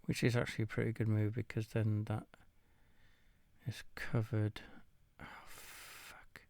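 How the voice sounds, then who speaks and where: A man's voice: fairly low pitch, monotone, moderate pace, vocal fry, darkish tone, no room sound. A tired man, casually commenting while he plays a game of chess, muttering and swearing now and then. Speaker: gamer playing chess against the computer.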